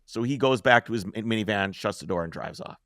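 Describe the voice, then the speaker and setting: A man hosting a podcast, telling a long story in a casual, animated way, swearing freely and acting out the scenes. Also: on the low side, quick pace, no room sound, clean studio sound.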